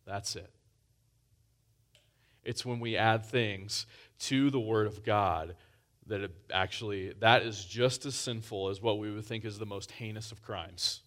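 A man's voice: lowish voice, unhurried, a bit bright. A man preaching a sermon in a conversational way, often restarting phrases and pushing up for emphasis.

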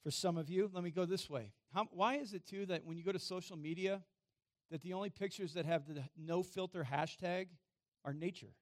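A man preaching a sermon in a church, chatting with the congregation and asking them questions, getting louder for emphasis and going quiet and low to read scripture. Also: a little fast, no echo, studio quality. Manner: conversational, self-deprecating, asks the congregation questions. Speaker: pastor. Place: church sanctuary.

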